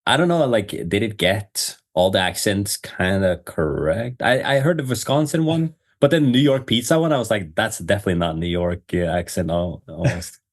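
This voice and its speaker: A man's voice: fairly low pitch, moderate pace. A man co-hosting a podcast, chatting casually and laughing often while reacting. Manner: laughing, relaxed, rambling. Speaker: podcast co-host. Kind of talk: casual chat.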